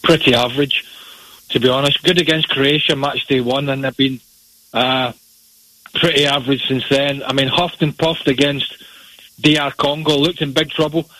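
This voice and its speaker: A man delivers blunt, opinionated soccer analysis in a forceful, bright voice. There is a slight huskiness to it, and the sound is dry and close. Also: mid-range voice, little pitch movement, normal speed, no echo, rough recording. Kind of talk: radio sports analysis.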